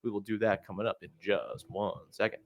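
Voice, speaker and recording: A man's voice: lowish voice, fairly even intonation, brisk, creaky, slight background noise. A man hosting a casual sports podcast, playful and jokey as he runs through listener questions. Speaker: podcast host.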